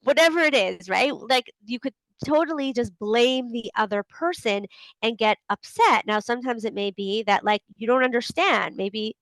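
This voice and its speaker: A woman's voice: moderate pace, fairly bright tone, no echo, low-quality recording. Chatty woman, dry close mic. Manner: chatty, many fillers, acts out inner voices with a raised pitch. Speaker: host of a group coaching call. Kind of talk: casual talk to an online group.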